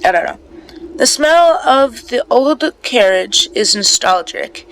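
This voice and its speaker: Slow, sleepy woman reading a story game. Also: a little high, lively intonation, a bit bright, slight background noise, poor audio. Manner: sleepy, stumbles over words and corrects herself. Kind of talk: reading a story game aloud with casual asides.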